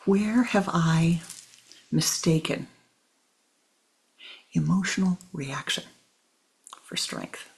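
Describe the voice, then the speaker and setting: Using a mid-range voice, a spiritual teacher offers a meditative lesson at an unhurried, deliberate pace. Phrases come back again for emphasis, the voice often fades to a breathy near-whisper, and the audience is called "my beloved" with tenderness.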